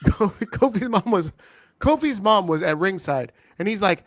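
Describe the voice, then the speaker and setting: A man co-hosting a wrestling review show in casual, profane, excitable chat, laughing often. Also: high-pitched, takes it slowly, no echo, clean studio sound. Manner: excitable, swearing, laughing, with frequent impersonations.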